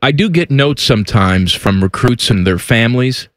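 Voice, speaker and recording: A man's voice: medium pitch, normal speed, no echo, clean studio sound. A man co-hosting a sports podcast in casual, joking banter. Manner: joking, animated, jumps between goofy voices. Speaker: podcast co-host.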